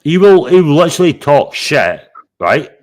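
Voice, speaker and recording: A man's voice: fairly high pitch, sing-song, moderate pace. A man hosting a live stream, talking bluntly and confrontationally, swearing a lot. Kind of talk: heated live stream chat.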